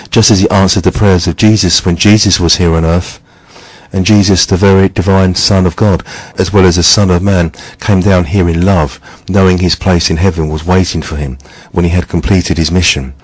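A man preaching a scripted sermon, reading scripture quotes in a measured, steady devotional way. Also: low voice, no echo, poor audio.

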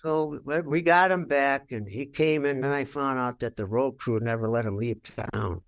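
A man's voice: mid-range voice, moderate pace. An older man giving a candid interview, telling stories bluntly and with a lot of swearing, and acting out what he said back then. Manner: blunt, profane, acts out his own past remarks. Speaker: rock guitarist interviewed.

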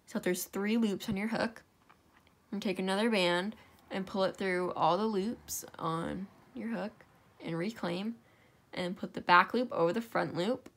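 A woman's voice: mid-range voice, measured pace, fairly bright tone. A young woman at home giving a casual, step-by-step craft tutorial, chatty and correcting herself as she works. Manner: chatty, self-correcting, talks while working. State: out of breath.

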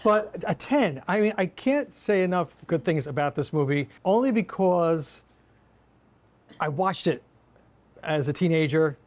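A man's voice: fairly high pitch, expressive, measured pace. A man co-hosting a film review show, telling stories with enthusiasm and animation. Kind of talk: casual chat. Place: production studio.

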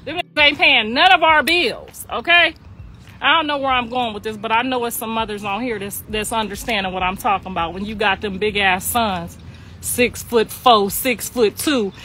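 A middle-aged mother telling a long family story in a casual, laughing way, slipping in quick acted-out voices. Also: on the high side, faint music behind. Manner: animated, laughing, slangy, acts out voices.

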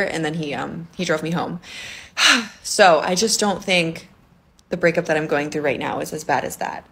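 A woman's voice: sits low, fairly quick, a bit bright, breathy edge. A young woman telling a personal story to camera in a chatty, dramatic way, full of likes.

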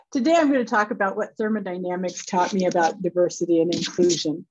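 A woman's voice: on the low side, a little fast, breathy edge. An older woman from Wisconsin with a light Wisconsin accent, giving an academic lecture over a video call in a chatty way with friendly asides. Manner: chatty, warm asides and laughs between points. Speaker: guest lecturer. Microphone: remote video call. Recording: dull, dry video call audio.

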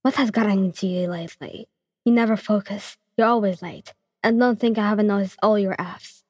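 A hot-headed teenage boy, read by a woman, who lectures bluntly and scowls through every word. The voice is breathy and soft at the edges. A long reverb trails behind it. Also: mid-range voice, brisk, studio quality, close to an everyday voice. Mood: irritated. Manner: scolding, blunt. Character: short-tempered teenage boy student, always scowling.

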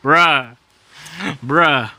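Young male gamer narrating his match, bright voice, profane rants, quick laughs, low mutters. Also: no echo. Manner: profane, laughing, exasperated outbursts between mumbled asides. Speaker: gameplay commentator. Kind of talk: casual gameplay voice-over.

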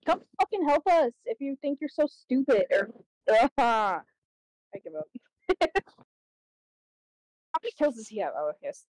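Young woman, streamer, casual gaming chat, laughs and swears, high lively voice, dry close sound. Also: a little slow, long pauses, no echo, rough recording.

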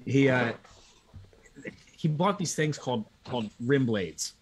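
A man from Pennsylvania, a guest on a live video call talk show, telling animated, profane anecdotes in a casual way. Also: medium pitch, a little slow, crowd noise. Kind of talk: casual storytelling chat.

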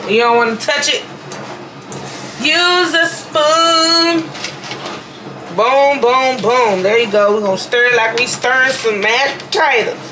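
A woman's voice: a little high, normal speed, hardly any pauses, background noise. A young woman chatting playfully to viewers while cooking dinner in her home kitchen, sounding sleepy with a slightly worn voice. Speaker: vlogger. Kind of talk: casual cooking vlog.

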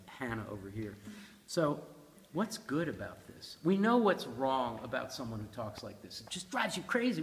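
A man leading a classroom poetry discussion, quizzing students with a lively, playful manner. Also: medium pitch. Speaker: seminar leader. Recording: echoey room from a distance, faint hiss.

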